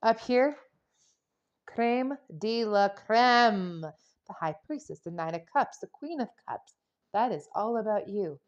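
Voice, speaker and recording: A tarot reader chats her way through a casual reading, playful and rambling off into jokes and silly sound effects. Her medium-pitched voice is lively in intonation but slow in pace, and the high frequencies are cut off.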